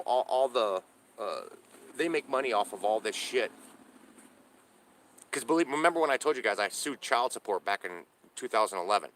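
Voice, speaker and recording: A middle-aged man with a mid-range, fairly bright voice rants animatedly at a moderate pace into a handheld camera. Homeless and living in a trailer, he vlogs from inside it while it sits parked on a hot day, sounding profane and aggrieved and often restarting his sentences.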